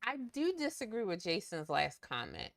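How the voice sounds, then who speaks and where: A woman's voice: huge pitch swings, moderate pace, gravelly. A young adult woman co-hosting a podcast, giving her opinions in an emphatic, indignant way. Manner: emphatic, indignant, rising pitch when outraged. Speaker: podcast co-host. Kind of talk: casual opinion chat.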